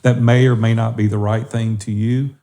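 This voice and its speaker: A man's voice: on the low side, little pitch movement, normal speed, mellow. A middle-aged man co-hosting a faith-based podcast, earnestly encouraging listeners. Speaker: podcast co-host.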